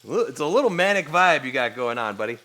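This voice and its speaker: A man's voice: mid-range voice, big pitch swings, quick pace, sharp tone, a little hiss or hum. A man streaming himself cooking, chatting casually and playfully with his viewers and laughing often.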